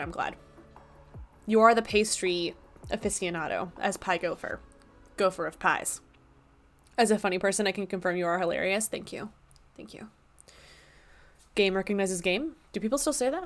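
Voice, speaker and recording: Playful chatty woman streamer. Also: medium pitch. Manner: chatty, playful, self-mocking. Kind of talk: casual live-stream chat. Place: apartment room at a desk.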